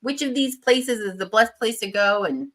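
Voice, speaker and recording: A woman's voice: on the high side, moderate pace, a bit bright, rough recording. A woman hosting a livestream interview, enthusiastic and gushing about her guest. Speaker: livestream host.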